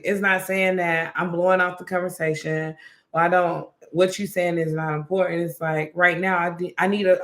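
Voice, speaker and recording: A woman's voice: fairly low pitch, level tone, fairly quick. A woman co-hosting a podcast, telling stories in a casual chat with lots of fillers. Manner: chatty storytelling with many fillers. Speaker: podcast co-host. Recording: roomy echo.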